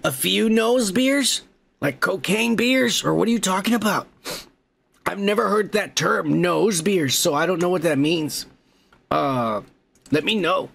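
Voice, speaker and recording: Gravelly-voiced man in profane casual chat. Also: high-pitched, a little slow. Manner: profane, joking, toasts viewers loudly. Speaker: podcast host. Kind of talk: casual comment-reading chat.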